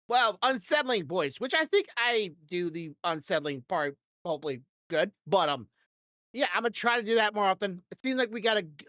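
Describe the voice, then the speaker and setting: A woman's voice: medium pitch, fairly bright tone, dry recording, clean studio sound. A woman hosting a podcast in loose, rambling casual chat, swearing freely and laughing often into a desk microphone. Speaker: podcast host.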